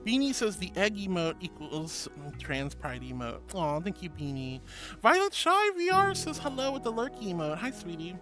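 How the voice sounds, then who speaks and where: A woman's voice: sing-song, moderate pace, over music. A woman streamer chatting casually and reading out viewer messages. She is affectionate and bubbly, calls everyone honey and sweetheart, and gasps with delight. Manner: bubbly, with big gasps and swoops in pitch. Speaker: VTuber streamer.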